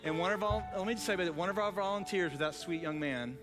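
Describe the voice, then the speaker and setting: A male pastor telling a story in a sermon, excited, with many restarts. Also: high-pitched, quick pace, big-room sound, over music.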